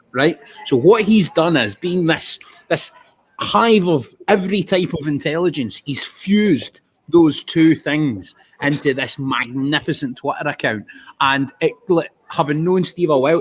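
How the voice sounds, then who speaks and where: A man's voice: on the high side, husky. A young man in casual chat, chummy and teasing, dropping "mate" and "right" into his sentences. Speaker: co-host.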